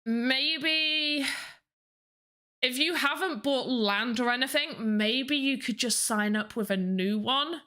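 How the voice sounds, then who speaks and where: A woman's voice: high-pitched, takes it slowly, pushed and bright. A young woman hosting a livestream, chatting casually to her viewers with a self-mocking manner. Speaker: livestream host.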